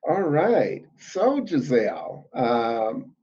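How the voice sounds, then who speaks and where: A man hosting a podcast interview, who introduces his guest slowly and deliberately. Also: medium pitch, huge pitch swings, warm tone, husky. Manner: slow, deliberate delivery. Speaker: podcast host. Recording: dull lo-fi audio.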